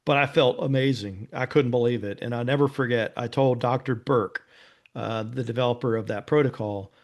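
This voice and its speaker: A man's voice: mid-range voice, steady tone, moderate pace. A man, a former police officer, guesting on an interview and telling a personal story in an earnest, casual way, often adding "you know" and "right?". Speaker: interview guest, nonprofit founder.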